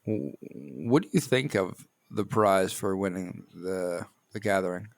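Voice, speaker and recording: A man hosting a podcast, speaking in a dry, hesitant way with frequent pauses while he moves the conversation along. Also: low voice, vocal fry, dry recording. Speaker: podcast host. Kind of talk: casual podcast chat.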